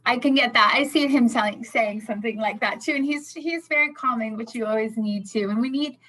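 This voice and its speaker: A woman interviewer with a fairly high, bright voice. She affirms what her guests say before turning to her next question, in a friendly, casual way. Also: a little fast. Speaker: interviewer, host.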